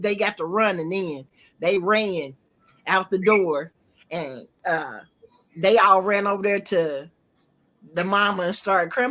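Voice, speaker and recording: A woman's voice: mid-range voice, slow. A woman, telling a TV episode's plot in casual chat and acting out the quotes. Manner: animated storytelling, acts out quotes, swears freely. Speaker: host.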